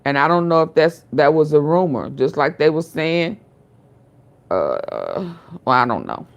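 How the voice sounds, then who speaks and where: A woman's voice: sits low, big pitch swings, measured pace, vocal fry, lo-fi sound. A woman hosting her own show, casually commenting on a trial and reacting to a clip, often hesitating and repeating words.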